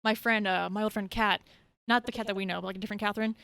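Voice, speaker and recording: A young woman talking fast on a podcast. She chats casually and leans on "like" a lot. Her stories come out in a quick run. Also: mid-range voice, fairly even intonation, gravelly, fairly bright tone, clean tone. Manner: chatty, uses lots of "like". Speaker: podcast co-host. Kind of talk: casual chat.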